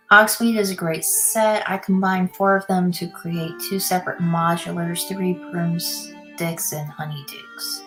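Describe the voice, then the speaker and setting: A woman's voice: on the low side, fairly even intonation, unhurried, hardly any pauses, fairly bright tone. Chatty woman livestreaming over music. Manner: chatty, answers viewer comments aloud; mutters to herself while building. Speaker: livestreamer building a set. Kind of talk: casual livestream chat. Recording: music playing under the voice.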